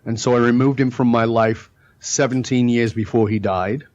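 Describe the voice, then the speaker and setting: A man's voice: medium pitch, fairly even intonation, normal speed, darkish tone, dull audio. A middle-aged man telling stories as a podcast guest, emphatic and blunt, with the occasional curse word. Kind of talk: storytelling in a podcast interview.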